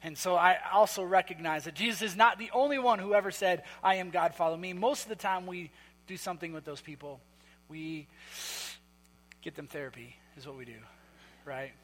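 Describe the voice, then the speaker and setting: A man preaching a sermon in a church hall, conversational and emphatic, with quick asides. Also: high voice, a bit bright, a little hiss or hum. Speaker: pastor.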